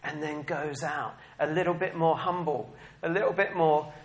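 A man preaching a sermon to his congregation, animated and laughing often, swinging from quiet reflection to loud bursts of excitement. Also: on the high side, normal speed.

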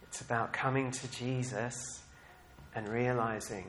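A male preacher giving a sermon at a middling pitch. He talks in an animated way and laughs often. His voice swings from quiet, reflective passages to loud, excited bursts. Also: unhurried, a little hiss or hum.

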